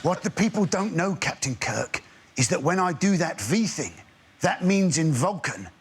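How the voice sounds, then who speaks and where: A man, a comedian panellist, delivering deadpan one-liners in a TV studio. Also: fairly high pitch, normal speed. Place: TV studio with audience. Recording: noisy TV studio.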